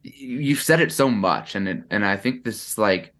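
A man's voice: on the low side, lively intonation, normal speed, fairly bright tone. A young adult man as a podcast guest, chatting casually in a reflective way, with frequent fillers and restarts. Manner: reflective, talks in bursts with lots of "like" and restarts. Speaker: podcast guest, content creator.

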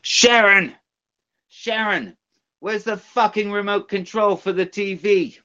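A man impersonating a foul-mouthed, befuddled aging rock star who rambles and shouts for his family. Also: sits high, slow, voice pushed up, full character voice. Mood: yelling. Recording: dull lo-fi sound.

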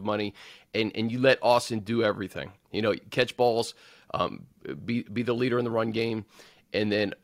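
A man's voice: on the low side, no echo, studio quality. A man hosting a sports talk show, often restarting his sentences as he runs through team news. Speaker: host.

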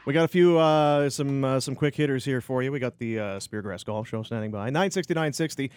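A man's voice: medium pitch, a little fast, darkish tone, clean tone, dry recording, soft background music. A man co-hosting a casual sports radio show, joking loosely with guests and reading sponsor spots.

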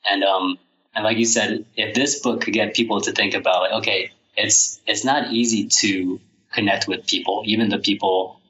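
Halting, reflective man on a muffled line. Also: fairly low pitch, steady tone, pushed and bright. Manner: hesitant, halting, many restarts. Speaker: author guest. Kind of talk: podcast interview.

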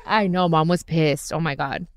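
A woman's voice: sits low, normal speed, clear, resonant tone, no room sound, studio quality. A woman hosting a podcast, telling a family story in a casual, chatty way and laughing often. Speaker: podcast host. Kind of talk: casual chat.

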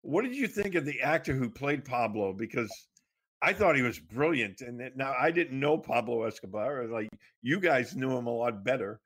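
Male host, casual and halting, mid-range voice. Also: medium pitch, animated, fairly bright tone. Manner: halting, lots of fillers and restarts. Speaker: interview host. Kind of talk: casual interview questions.

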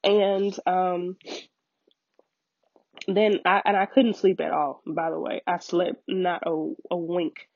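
A woman with a husky, breathy voice tells a personal story on her podcast, close and dry on the mic. She jumps her pitch up to act out the people she quotes and is near tears at moments. The sound is a bit dull and lo-fi. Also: takes it slowly, no room sound. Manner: animated storyteller, acts out quoted voices with big pitch jumps, laughs often. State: emotional, near tears at times. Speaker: podcast host.

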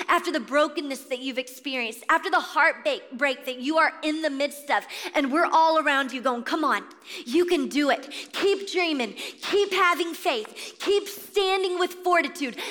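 Bright high-voiced woman preaching in a hall. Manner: exhorting, warmly addresses listeners as friends. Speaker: inspirational speaker at a faith event. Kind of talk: impassioned inspirational sermon. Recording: long reverb of a large hall.

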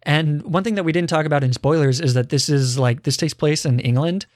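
A man's voice: fairly high pitch, fairly quick, no echo, clean studio sound. A man in his twenties chatting casually as a podcast host, running a quiz game with his co-host. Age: 20s. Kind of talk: casual chat.

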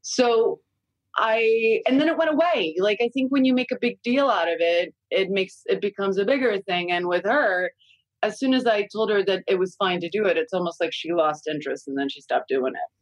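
Woman guest, candid and chatty, mid pitch, dry close mic. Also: moderate pace, no echo, low-quality recording. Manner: candid and chatty, swears freely, many "like" fillers. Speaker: guest, a mother of young kids. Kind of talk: casual podcast chat.

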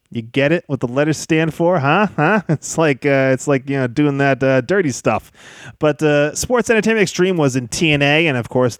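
A man hosting a podcast in a lively, chatty monologue, joking and laughing as he talks. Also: mid-range voice, no room sound, studio quality. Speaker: podcast host.

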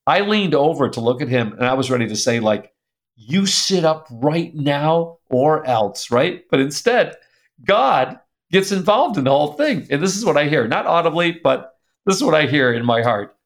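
An older man, a guest in an interview, tells a personal family story in an animated way, often laughing and reading old letters aloud. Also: on the high side, brisk.

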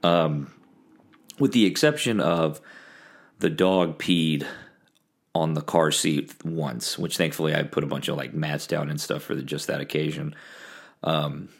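Super deep voiced young guy from east texas, gravelly, rambling wry podcast story. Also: fairly even intonation, unhurried, long pauses. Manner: rambling, wry, with frequent ums and restarts. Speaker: guest podcast host. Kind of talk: casual solo storytelling. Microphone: close podcast microphone.

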